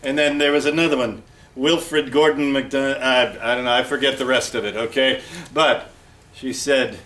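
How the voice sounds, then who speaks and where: A man's voice: mid-range voice, fairly even intonation, normal speed, a bit bright. A man narrating a hard-boiled detective parody in a wisecracking tough-guy manner, announcing a library storytime.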